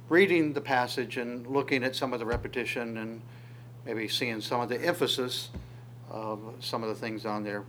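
A man teaching a relaxed Bible study at an ordinary middle pitch, feeling his way through each point with frequent pauses. A faint hum sits under his voice. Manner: halting, thinking aloud with many pauses.

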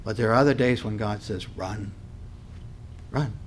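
A man preaching a sermon, swelling his voice on key points, then dropping it low, and clearing his throat now and then. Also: normal speed, a little hiss or hum. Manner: dynamic preaching, voice swells and drops with emphasis. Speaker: pastor.

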